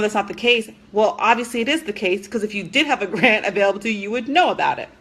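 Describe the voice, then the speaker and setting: A woman's voice: medium pitch, a bit bright. A young adult woman talking to camera as a business coach, recounting conversations in a blunt, exasperated way. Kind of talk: casual talk to camera.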